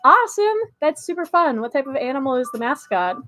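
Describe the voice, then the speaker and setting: A woman chats casually on a relaxed live stream, answering her viewers one by one. Her voice sits high, and her manner is bubbly and friendly, with frequent laughter between lines. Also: brisk. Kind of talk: casual chat reading a live chat.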